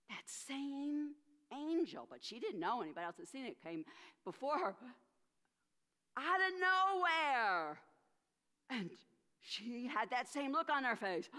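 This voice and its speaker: A woman minister tells a story in an expressive, animated way, with gasps for effect. Her voice is bright and sits fairly high, ranging widely in pitch. A long sanctuary reverb surrounds her. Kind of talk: storytelling for all ages in a church service. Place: church sanctuary.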